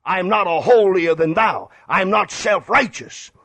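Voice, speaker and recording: A man's voice: sits high, lively intonation, unhurried, a bit bright, no room sound. An older man preaching a radio sermon, emphatic and repeating phrases for stress.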